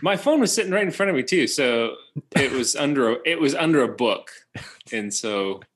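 A man joins a casual podcast chat and speaks in a hesitant, low-key way. He pauses and trails off as he explains himself. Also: expressive, slight background noise. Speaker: podcast guest.

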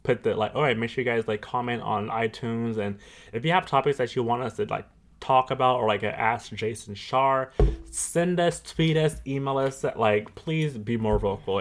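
Male podcast co-host, low-ish voice, relaxed rambling delivery with lots of "like". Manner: loose, filler-heavy, animated retelling. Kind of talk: casual podcast chat.

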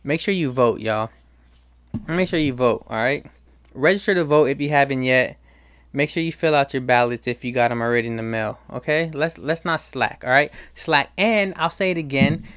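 A man's voice: mid-range voice, moderate pace, a bit bright, smooth, dry recording. A young man hosting his own show, talking casually in a slangy, profane, ranting way. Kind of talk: casual monologue.

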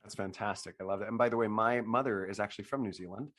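A man with a scratchy, hoarse voice from laryngitis, hosting a casual panel over a video call and often restarting his sentences. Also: fairly low pitch, steady tone, fast, fairly bright tone. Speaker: host.

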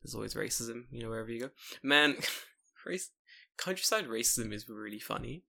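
Animated London man telling stories. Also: mid-range voice, moderate pace, vocal fry. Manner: animated, swears freely, acts out voices in his stories. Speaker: podcast co-host. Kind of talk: casual storytelling chat.

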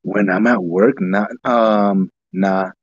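Laid-back husky man, dull lo-fi sound. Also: fairly low pitch, fairly even intonation, slow, dry recording. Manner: rambling, heavy use of "like", laid-back. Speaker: podcast co-host. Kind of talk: casual chat.

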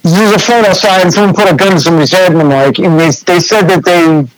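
A man's voice: high-pitched, fast talker, no echo, low-quality recording. A young man with a New England accent, a graffiti artist telling a story as a podcast guest in a laid-back, swearing, filler-heavy way. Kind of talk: casual storytelling chat.

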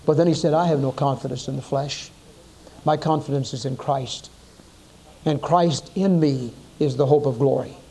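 A man's voice: mid-range voice, steady tone, moderate pace, warm tone. A man preaching a sermon, telling Bible stories dramatically and acting out the quoted voices.

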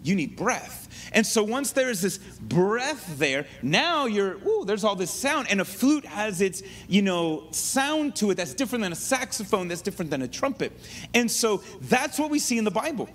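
A man's voice: high-pitched, sing-song, normal speed, fairly bright tone. A man preaching a sermon in a conversational teaching style, full of asides and restarts. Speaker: pastor.

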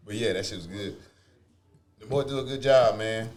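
A man co-hosting a casual podcast chat with friends, joking loudly and laughing often. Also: fairly low pitch, normal speed. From Atlanta. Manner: loud, laughing, animated banter. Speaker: podcast co-host.

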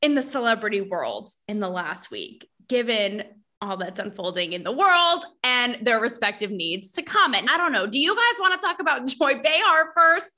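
A woman hosting a podcast, talking in a casual, gossipy and animated way, full of sass and asides to her listeners. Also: on the high side, moderate pace. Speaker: podcast host. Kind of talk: casual chat.

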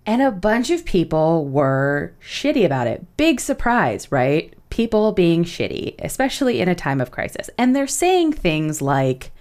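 A young woman with a low-pitched voice hosts a casual podcast. She talks in a loose, chatty way, swears freely, and often laughs through her asides. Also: very animated, moderate pace, hardly any pauses, a little mellow. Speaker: podcast co-host.

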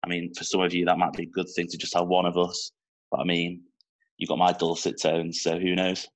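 A man's voice: low voice, completely flat delivery, brisk, poor audio. A young man with a Manchester accent hosting a casual podcast interview, chatty and informal. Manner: chatty, informal, with small slips. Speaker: podcast host.

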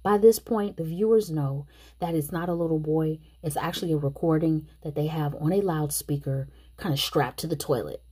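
A woman's voice: low-pitched, moderate pace, mellow, husky. A woman casually recapping a movie plot and chatting her opinions straight to the viewers. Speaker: movie reviewer.

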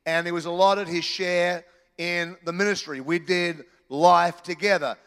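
A man preaching a sermon in church, animated and joking with the congregation. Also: sits high, unhurried, smooth, long reverb tail. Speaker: pastor. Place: church hall.

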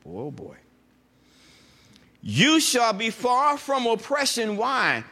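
Animated high-voiced man preaching a sermon. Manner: animated preaching with call-and-response asides; reads scripture slowly and emphatically. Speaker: pastor.

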